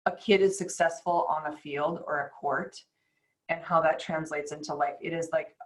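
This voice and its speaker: A woman's voice: sits low, steady tone, rough recording. A woman who hosts a podcast and works as a chiropractor, talking in a chatty, rambling way in a casual interview. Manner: chatty, rambling, quick bursts and laughs.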